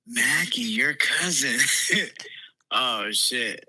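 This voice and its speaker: A man's voice: mid-range voice, animated, extremely slow, pushed and bright, breathy edge. A man on a phone call with friends, laughing and bantering. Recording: faint phone speaker from far off.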